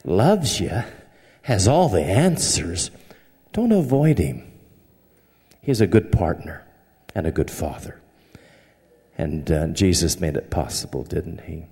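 A man's voice: low-pitched, sing-song, slow, gravelly, pauses often, mellow. A man from the American South preaching with a Southern accent, folksy and humorous, telling anecdotes. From southern United States. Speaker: pastor. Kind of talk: sermon. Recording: long hall reverb.

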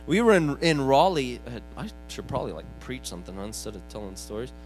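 A man preaching, telling a healing story with lively swings between excited bursts and hushed, quiet retelling. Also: mid-range voice, a little fast, faint music behind. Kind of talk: storytelling sermon.

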